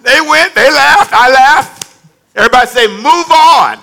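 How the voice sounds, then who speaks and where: Male pastor, high bright voice, lively humorous preaching with call-and-response. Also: moderate pace, creaky. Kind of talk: sermon.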